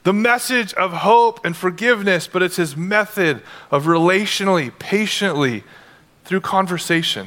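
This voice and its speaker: A man's voice: sits high, moderate pace. A man preaching a conversational sermon, acting out scenes with casual modern dialogue. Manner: animated, acts out Bible scenes in casual modern talk. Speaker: pastor. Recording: long hall reverb.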